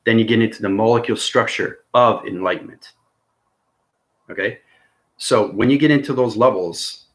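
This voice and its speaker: Low-voiced man rambling earnestly to viewers. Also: fairly bright tone. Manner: keeps checking in with "okay?" and "right?"; intense and earnest. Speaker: spiritual vlogger.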